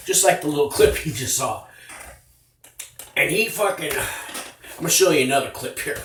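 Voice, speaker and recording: A man's voice: on the high side, expressive, normal speed, pauses often, distant mic. Rambling, profane man in his fifties. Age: 50s. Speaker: former inmate vlogger. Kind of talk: casual storytelling. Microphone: tablet. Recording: roomy, off-mic, with faint noise.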